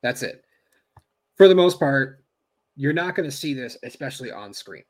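A man's voice: medium pitch, lively intonation, moderate pace, darkish tone. A man co-hosting a podcast in casual chat, thinking aloud with frequent restarts. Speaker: podcast co-host.

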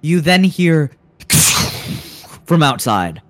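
A man narrating a tabletop game as game master, unhurried and hesitant with fillers. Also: a little high, sing-song, no echo.

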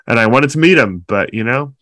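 Emotional, excited man telling a story. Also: medium pitch, a little fast, dry recording. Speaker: podcast co-host. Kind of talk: casual chat.

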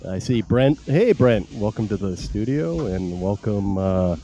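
A man's voice: lowish voice, animated, measured pace, heavy background noise. A man hosting a casual podcast, rambling with many fillers and laughing at himself. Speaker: podcast host.

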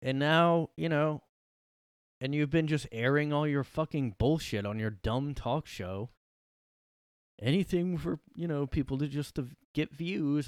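A man's voice: fairly high pitch, a little slow, clean tone, no room sound, studio quality. A young man hosting a solo podcast from his room, ranting with sarcasm and plenty of profanity. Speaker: podcast host.

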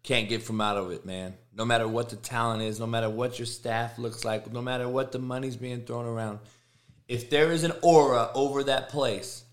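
A middle-aged sports show host rants casually and emphatically about college football, swearing and repeating himself for effect. His voice is medium-pitched and a bit bright.

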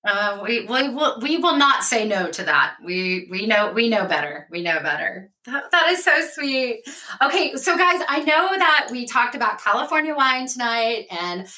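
A woman's voice: on the high side, very animated, moderate pace, pushed and bright. A woman co-hosting a podcast, chatting casually and reading facts aloud with enthusiasm. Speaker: podcast co-host. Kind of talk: casual chat.

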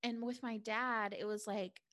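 A woman's voice: fairly high pitch, fairly even intonation, a little slow, a bit bright. A young adult woman talking candidly and reflectively in a casual conversation, with many filler words. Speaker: guest.

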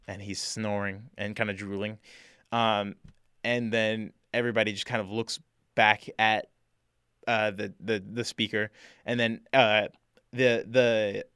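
A man narrating a tabletop role-playing game as game master, halting often with fillers and slipping into character voices. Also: fairly low pitch, pushed and bright, clean tone, dry recording, clean studio sound.

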